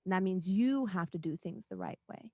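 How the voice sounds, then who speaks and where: A woman voicing a tall, mysterious woman who speaks softly and persuasively in a tabletop game. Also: lowish voice, expressive, normal speed, vocal fry, no echo, studio quality. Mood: coaxing. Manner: soft, gentle, persuasive.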